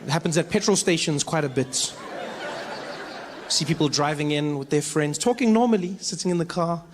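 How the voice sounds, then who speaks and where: Animated South African stand-up comedian. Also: male voice, on the high side, brisk, a little hiss or hum. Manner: animated, storytelling, repeating for emphasis. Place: comedy club stage.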